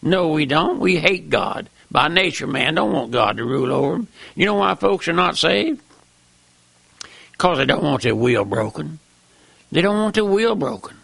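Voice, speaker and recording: An older man preaching a fiery sermon, with impassioned, repetitive emphatic calls and a gravelly voice. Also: on the high side, lively intonation, normal speed, a bit bright, dry recording.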